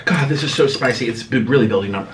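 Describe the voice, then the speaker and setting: A man's voice: mid-range voice, fast, recorded from a distance, background noise. A man vlogging while eating, talking dramatically and struggling to speak because his mouth burns from spicy food. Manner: dramatic, whiny complaining about spice. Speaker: mukbang vlogger. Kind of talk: casual eating vlog chatter.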